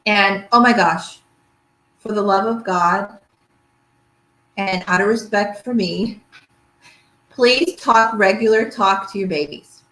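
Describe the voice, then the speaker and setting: A woman's voice: medium pitch, slow, long pauses, a bit bright. A middle-aged woman, a pediatric physical therapist, giving a chatty workshop lecture to parents and often checking that her listeners follow. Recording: echoey room.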